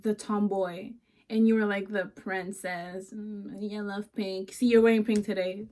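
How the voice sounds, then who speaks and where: A woman's voice: medium pitch, little pitch movement, a little slow, warm tone, a little hiss or hum. A young woman in her twenties talking candidly with her sister, owning up and chiming in. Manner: candid, confessional, chimes in. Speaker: guest, host's sister. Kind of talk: casual chat.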